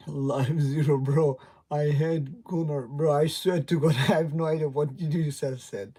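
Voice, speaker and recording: A man's voice: a little high, steady tone, a little slow, few pauses, mellow. Laughing young man chatting on a livestream. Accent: non-native English. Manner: rambling, laughs often, greets chat viewers. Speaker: livestream host. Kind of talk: casual live stream chat.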